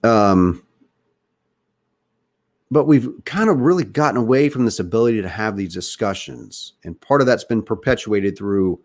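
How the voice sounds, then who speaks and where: Earnest low-voiced man with Southern trace. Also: animated, moderate pace. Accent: slight Southern US. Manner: earnest, opinionated, talks straight to listeners. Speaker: podcast host. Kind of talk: casual political talk.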